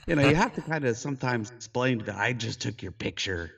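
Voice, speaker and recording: A middle-aged man, a photographer, telling a story in casual conversation, animated and jumping high in pitch when he quotes himself, heard over a video call. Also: normal speed, gravelly, slightly rough, recorded from a distance. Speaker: photographer guest.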